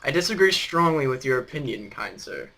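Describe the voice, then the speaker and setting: Rambling gravelly teen guy. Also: medium pitch, big pitch swings, fairly quick, bright, forceful tone. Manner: rambling, teasing, many fillers. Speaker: host. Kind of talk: casual chat.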